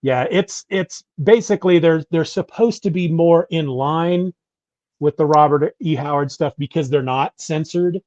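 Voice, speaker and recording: A man's voice: a little high, unhurried, darkish tone, no room sound. A middle-aged man co-hosting a podcast, chatting casually in a rambling way and often restarting his sentences. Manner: rambling, self-correcting, chatty. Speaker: podcast co-host. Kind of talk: casual chat. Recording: dull lo-fi audio.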